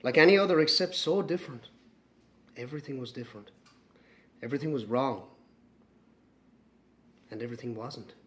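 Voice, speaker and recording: A man's voice: mid-range voice, close to an everyday voice. Man playing a brooding young Irishman. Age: young adult. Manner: hushed, brooding, halting. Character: young Irish man, her lost twin brother, haunted and regretful. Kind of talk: dramatic monologue for audio drama.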